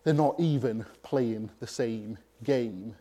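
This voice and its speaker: A man preaching a sermon, emphatic and pausing deliberately between phrases. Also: medium pitch, mellow.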